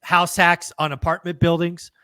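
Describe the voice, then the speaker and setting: Hosting an interview podcast, a man talks at a normal speed in a high-pitched, sharp, smooth voice with a flat delivery and no echo. Even so, he comes across as upbeat and emphatic, addressing listeners directly in a casual interview chat.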